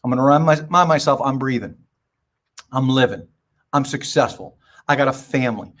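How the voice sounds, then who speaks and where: A man's voice: mid-range voice, brisk, a bit bright. An older man speaking as a podcast guest, giving emphatic, preachy advice in short punchy phrases and telling stories. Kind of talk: motivational podcast talk.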